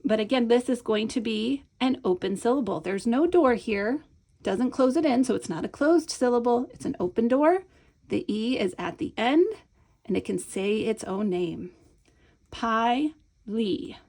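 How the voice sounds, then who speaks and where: A middle-aged woman teaching a lesson, patient and explanatory, slowing down to model each sound and often checking in with "right?". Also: a little high, expressive, a little mellow. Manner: slows and stretches words when modeling sounds. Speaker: teacher trainer. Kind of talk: instructional video lesson.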